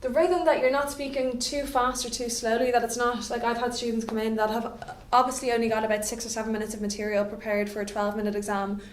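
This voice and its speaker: A woman's voice: on the high side, little pitch movement, quick pace, hardly any pauses, a little hiss or hum. A woman, giving a chatty classroom lecture as a French teacher and checking in with "okay?" often. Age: 20s. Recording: echoey room, voice from a distance.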